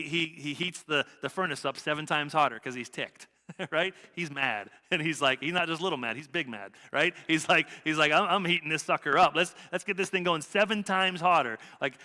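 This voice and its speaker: A man's voice: fairly high pitch, bright, forceful tone. A man preaching a sermon as pastor, talking casually and conversationally and tagging lines with "right?". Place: church sanctuary. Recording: church hall reverb.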